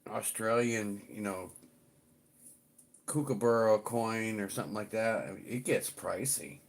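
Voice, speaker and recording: A man's voice: on the low side, measured pace, creaky. A middle-aged man chatting casually on his livestream, rambling and swearing a little as he greets viewers. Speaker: livestream host.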